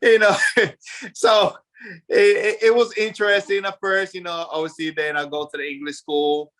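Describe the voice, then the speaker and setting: A man in his forties from Puerto Rico with a Puerto Rican Spanish accent, a native Spanish speaker telling his story as a podcast guest in a lively, animated way with lots of fillers. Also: high-pitched, normal speed. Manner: animated, acts out past voices, many fillers. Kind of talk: casual storytelling interview.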